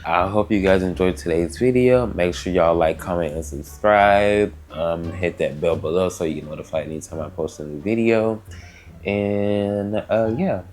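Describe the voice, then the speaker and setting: A man's voice: low-pitched, moderate pace, a little mellow. A young man chatting in a casual, rambling, slangy way, answering get-to-know-me questions on his vlog. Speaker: vlogger. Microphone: camera mic.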